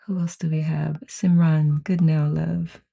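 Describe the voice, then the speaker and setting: On a muffled recording, a mid-range creaky voice speaks with flat delivery at a measured pace. It's the host of a live book-study group chatting on a live stream, greeting viewers individually by name and reading chat messages aloud with gushing enthusiasm, with frequent "I love it" remarks.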